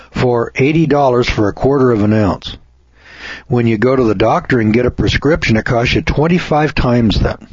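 A man rants through an opinionated radio editorial in a folksy, mocking way. His voice is husky and sits at an ordinary pitch. The recording is dry and dull, like lo-fi radio. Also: no room sound. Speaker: radio show host.

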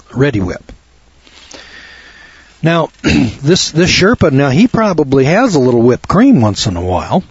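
A man's voice: mid-range voice, darkish tone, husky, no echo. A man giving a rambling, folksy health talk to an audience, acting out quoted dialogue as he goes. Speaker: health lecturer. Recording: dull lo-fi sound.

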